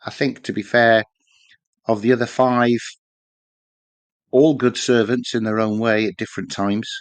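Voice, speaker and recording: A man co-hosting a casual football podcast, relaxed and rambling, with dry asides. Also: mid-range voice, unhurried, dry recording. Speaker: podcast co-host.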